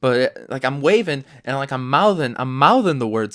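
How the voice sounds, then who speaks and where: A man's voice: medium pitch, lively intonation, fairly quick, few pauses, a bit bright, no room sound, clean studio sound. A young adult man hosting a solo podcast, telling stories in a profane, ranting way. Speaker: podcast host.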